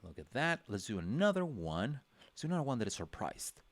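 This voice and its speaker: A man's voice: mid-range voice, big pitch swings, fairly quick, no echo. A man giving a casual livestream drawing lesson, thinking aloud with many fillers and restarts as he sketches. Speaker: drawing instructor.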